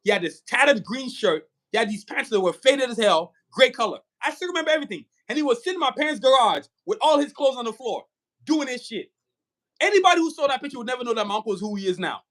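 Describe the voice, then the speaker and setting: A man's voice: very high-pitched, expressive, quick pace, a bit bright. A man hosting a casual podcast interview, talking in hyped, streetwise banter. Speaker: podcast host.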